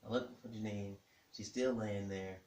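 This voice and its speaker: A man telling a personal story in a lively way, acting out what each person said. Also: on the low side, unhurried, distant mic, a little hiss or hum. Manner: animated, acts out the dialogue of everyone in the story. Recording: echoey room.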